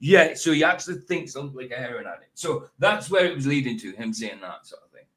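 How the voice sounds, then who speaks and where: A man's voice: mid-range voice, lively intonation, fast, sharp tone. Rambling Scottish man host. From Scotland. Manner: rambling, restarts, repeats himself. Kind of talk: casual chat reacting to a video.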